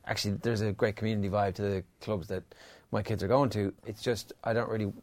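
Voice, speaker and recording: A man's voice: fairly low pitch, flat delivery, fast, darkish tone. A middle-aged Irish man hosting a podcast, talking casually and hesitantly, with frequent restarts and fillers. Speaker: podcast host. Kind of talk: casual chat.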